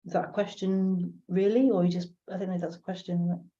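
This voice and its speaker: A woman's voice: lowish voice, little pitch movement, fairly quick, mellow. A woman hosting a live spiritual talk stream, musing aloud and answering chat questions with repeated phrases and many fillers. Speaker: host of a live spiritual broadcast. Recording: dull lo-fi stream audio.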